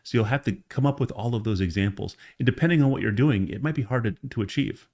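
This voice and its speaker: A man's voice: mid-range voice, quick pace, darkish tone. A man teaching an online course lesson, explaining in a casual, conversational way with frequent check-ins to the listener. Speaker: course instructor. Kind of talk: screen-recorded tutorial lesson.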